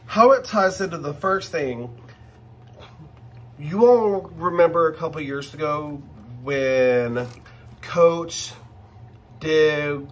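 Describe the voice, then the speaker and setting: A man hosting a casual unboxing vlog, his voice sitting a little high for a man. He drawls slowly and gushes with excitement, talking straight to his viewers. A faint hiss runs underneath. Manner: gushing and excitable, talks to viewers directly. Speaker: channel host.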